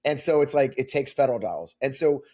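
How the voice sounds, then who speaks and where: A man running for Congress, answering interview questions as an animated storyteller with many restarts. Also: mid-range voice, fast talker, husky. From Missouri. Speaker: congressional candidate.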